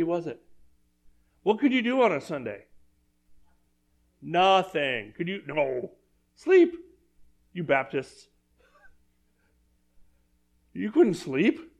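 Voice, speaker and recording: A man preaching a sermon in a church, talking conversationally and asking the congregation questions. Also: on the high side. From Southern California. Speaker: pastor.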